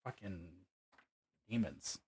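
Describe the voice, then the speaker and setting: A man's voice: slow, dark tone. A man streaming live while painting miniatures. He chats casually, swears freely and greets viewers by name.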